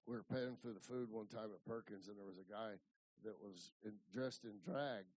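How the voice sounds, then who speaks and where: A man's voice: fairly low pitch, normal speed, a little mellow, husky, rough recording. Folksy preacher man in his fifties. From Ohio. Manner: rambling, repeats words and restarts. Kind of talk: folksy storytelling sermon.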